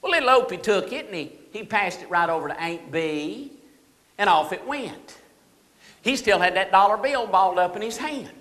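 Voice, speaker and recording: In a comedic stage monologue, a man impersonates a jittery, boastful small-town deputy, spinning folksy yarns and quoting others in a Southern drawl for laughs. His voice is high, a bit bright, and expressive at a moderate pace. It was recorded in an echoey banquet hall.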